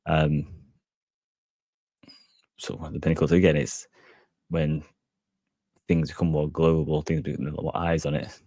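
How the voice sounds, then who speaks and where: Man, podcast host, very deep voice, flat delivery, husky tone, dry close sound, rambling with fillers. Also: moderate pace, long pauses, no room sound. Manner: rambling, hedging with many fillers. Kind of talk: casual solo podcast chat.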